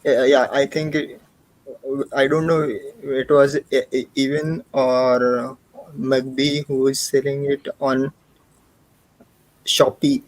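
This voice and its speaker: A man co-hosting a relaxed online chat, thinking aloud in slow, measured speech. He often stops and restarts mid-sentence, and his voice sits at an average male pitch. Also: low-quality recording. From India. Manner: hesitant, frequent restarts. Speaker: co-host. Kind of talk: casual livestream chat.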